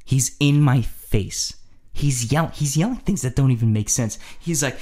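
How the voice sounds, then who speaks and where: A man telling a story in a casual, animated way, jumping into voices for the people in it. His pitch moves up and down freely, and he breaks into laughter often. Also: normal speed.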